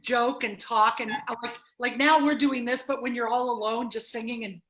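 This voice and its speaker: Wisecracking woman contestant on a video call, high voice, blunt. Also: fairly even intonation, moderate pace, fairly bright tone. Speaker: game show contestant. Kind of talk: casual chat on a video call game show.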